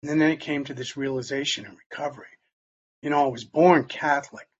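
An older man speaking in a conversational storytelling way about his recovery, acting out the dialogue he quotes, with a husky voice. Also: mid-range voice, fairly even intonation, a little fast, muffled recording. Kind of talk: personal testimony talk.

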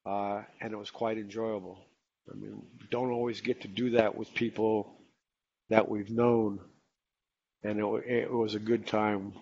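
Relaxed man chairing a meeting. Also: lowish voice, a little slow, creaky, highs cut off. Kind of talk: casual meeting introduction.

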